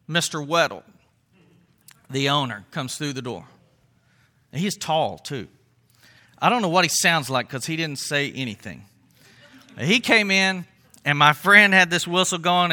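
A man's voice: a little high, bright, forceful tone. A man preaching a sermon, telling stories and putting questions to his listeners. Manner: storytelling, asks the congregation questions. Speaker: pastor.

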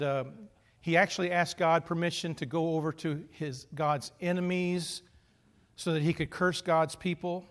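A middle-aged man preaching a sermon, telling funny stories in an animated way with humorous asides. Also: high voice. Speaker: pastor.

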